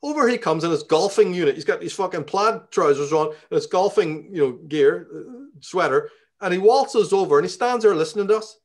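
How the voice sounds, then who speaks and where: A man's voice: sits high, expressive, fairly quick. A middle-aged man from Northern Ireland with a Belfast accent, telling a profane, ranting story as an interview guest. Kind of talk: storytelling in conversation.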